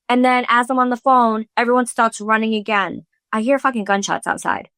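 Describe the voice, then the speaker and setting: A podcast host in her thirties tells a story in breathless casual chat, swearing freely and acting out what people said. Her voice is bright and tense, sitting a little high for a woman. The sound is dry and close, with no room echo. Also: steady tone, brisk. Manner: breathless, swearing, fillers, re-enacting quotes.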